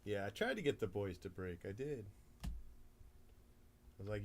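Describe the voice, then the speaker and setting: A man's voice: mid-range voice, animated, moderate pace, long pauses, noisy background. Chatty man hosting a card break. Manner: chatty, laughs often, rattles off player names. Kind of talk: casual live-stream chat.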